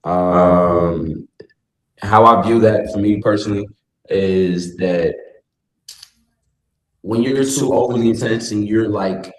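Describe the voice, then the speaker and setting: A man's voice: fairly low pitch, slow pace, pauses often, roomy sound, rough recording. A man answering a question during a sales training call, hesitating and searching for his words.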